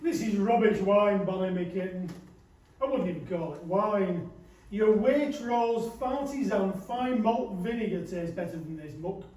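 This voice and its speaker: A man's voice: high-pitched, expressive, unhurried, a little mellow. A man playing a pompous, snobbish wealthy older man in a stage play, sneering at everything. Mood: scornful. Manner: sneering, grandly dismissive. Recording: echoey hall, far from mic.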